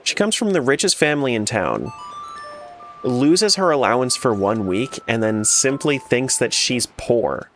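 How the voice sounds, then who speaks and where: A man's voice: medium pitch, unhurried, faint music behind. A man streaming a randomizer game, chatting casually and joking with his chat as he plays. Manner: joking, animated, talks back to chat.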